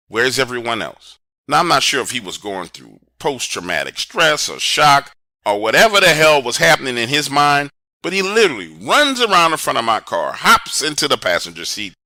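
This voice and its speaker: A man telling a first-person scary story in an animated, conversational way, with dramatic pauses. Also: medium pitch, no room sound, studio quality. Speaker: horror storyteller.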